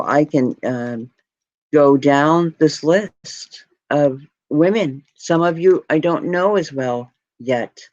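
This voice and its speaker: A woman's voice: very deep voice, a little mellow, no echo. A woman hosting a live stream, chatting to her viewers in a heartfelt, rambling and grateful way, close to tears. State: tearing up. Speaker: jewelry live stream host. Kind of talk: casual live stream chat. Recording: dry, muffled lo-fi audio.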